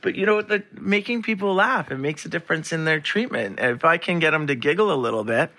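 A man's voice: a little high, lively intonation, quick pace, sharp tone. A man in his fifties hosting a podcast in casual joking chat, losing his voice, laughing often as he spins long jokes. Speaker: podcast host and physiotherapist.

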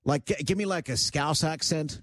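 A man's voice: a little high, normal speed, a bit bright, no echo. A male radio host chatting casually on air in a blunt, talkative way, often restarting his sentences. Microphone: studio microphone.

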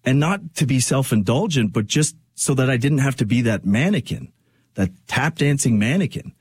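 A man's voice: mid-range voice, expressive, moderate pace, a little mellow, husky, dry recording, studio quality. A man hosting a radio talk show, speaking in an earnest, reflective monologue that rambles with fillers. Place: radio studio.

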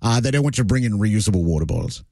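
A man's voice: on the low side, animated, rapid-fire, creaky, mellow, dry recording. A man hosting a talk radio show, opinionated and sardonic, with lots of "uh" fillers. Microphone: studio broadcast mic.

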